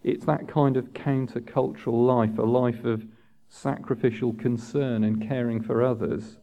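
A man preaching a sermon in a measured, earnest way, lifting his voice for emphasis. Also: medium pitch, creaky. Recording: dull lo-fi sound.

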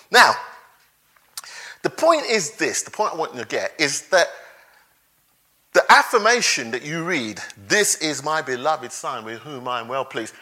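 Male preacher, animated sermon, fairly high, bright and sharp voice. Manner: animated, laughs between points, acts out quotes.

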